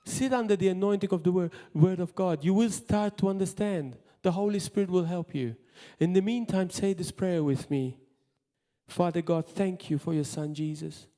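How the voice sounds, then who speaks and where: A man preaching a sermon as pastor, in impassioned bursts that drop to quiet asides. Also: sits high, moderate pace. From Malta. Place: church hall. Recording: long hall reverb.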